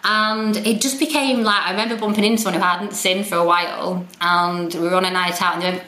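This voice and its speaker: A woman's voice: on the low side, fairly even intonation, fast, bright, forceful tone. Frank, swearing woman in a roomy space. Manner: frank, self-deprecating, swears freely. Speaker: podcast guest. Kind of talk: candid conversational storytelling. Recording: roomy echo.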